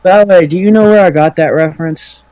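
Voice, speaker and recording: A man's voice: sits high, fast, warm tone, no room sound, poor audio. A man casually commenting on a retro game with a friend, rambling with lots of fillers and cursing. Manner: rambling, filler-heavy, profane. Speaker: let's play commentator. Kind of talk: casual gaming chat.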